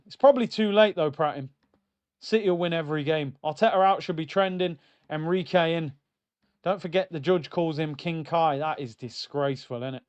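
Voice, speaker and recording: A man's voice: fairly high pitch, clear, resonant tone. A man hosting a live football watchalong, ranting in exasperation and reading out chat messages. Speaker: host of a football watchalong stream.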